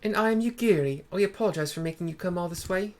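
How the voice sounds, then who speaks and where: A polite, apologetic young woman with a raised voice, put on by a man reading game lines. Her tone is courteous. The pitch sits well above a man's normal speech. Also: quick pace, a little hiss or hum, natural voice.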